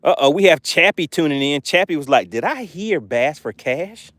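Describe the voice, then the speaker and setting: Casting note: upbeat male fishing host, slightly higher voice, chatty and laughing, live from a boat, dry close mic. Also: expressive, moderate pace, a bit bright, no room sound. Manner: chatty, reads viewer comments aloud, laughs often. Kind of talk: live stream chat from a boat.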